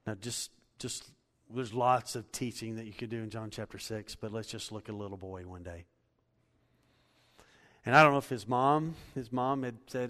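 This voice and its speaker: Male pastor, mid-pitched, animated storytelling sermon, hall reverb. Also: normal speed. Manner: animated storytelling, rising to loud emphatic preaching.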